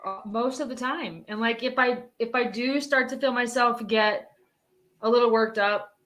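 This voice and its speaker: A woman's voice: fairly high pitch, steady tone, moderate pace, fairly bright tone, rough recording. A woman co-hosting a casual podcast, telling candid, chatty stories. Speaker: podcast co-host. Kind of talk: casual chat.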